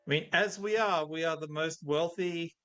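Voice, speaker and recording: A man's voice: on the high side, normal speed, fairly bright tone, clean tone. A middle-aged man, a guest in an interview, talking thoughtfully and telling anecdotes. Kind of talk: conversational interview.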